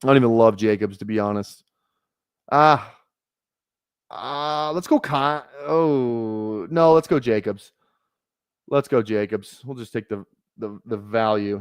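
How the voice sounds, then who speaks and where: A man's voice: lowish voice, normal speed, clear, resonant tone, no echo, studio quality. A man giving casual live-stream commentary on his fantasy football draft, rambling and correcting himself as he thinks aloud.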